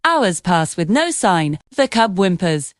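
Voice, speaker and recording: A woman narrating a children's animal story in an expressive storytelling manner. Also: on the low side, slow, no echo, clean studio sound.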